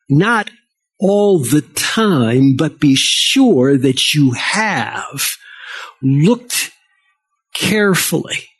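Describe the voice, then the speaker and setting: An older man preaching a sermon to his congregation, deliberate and conversational, with frequent asides and check-ins. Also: on the high side, slightly rough. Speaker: pastor.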